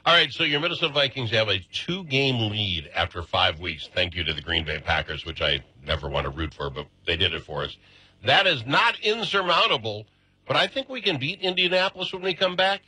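Excitable bright-voiced Midwestern radio host. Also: male voice, medium pitch, fairly quick, breathy edge, dry recording, rough recording. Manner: excitable, chatty, voice jumps up when animated. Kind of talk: casual sports talk.

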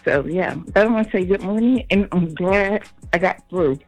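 A woman's voice: mid-range voice, moderate pace, darkish tone, soft background music, low-quality recording. Cheerful woman in her fifties calling in. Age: 50s. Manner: cheerful, chatty. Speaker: caller. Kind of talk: radio call-in.

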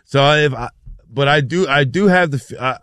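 A man's voice: medium pitch, moderate pace, no echo, studio quality. A man hosting a sports radio show, chatting casually and joking, sometimes slipping into a sung announcer voice. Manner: lively, joking, breaks into sung announcer bits.

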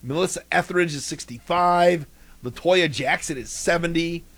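A man's voice: fairly high pitch, normal speed, fairly bright tone, no room sound. A man hosting a local morning radio show, chatting and joking casually with his co-host.

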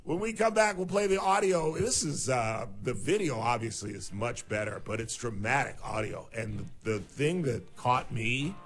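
A man's voice: mid-range voice, normal speed, few pauses, a bit bright. A man rants on his own talk radio show, sarcastic and incredulous by turns. Faint music sits underneath his voice. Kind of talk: opinionated talk radio monologue.

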